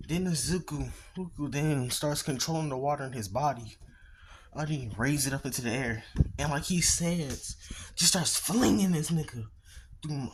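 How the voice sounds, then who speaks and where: A man casually narrating a fan story in a rambling way, full of restarts and profanity. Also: a little high. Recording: noisy with clicks.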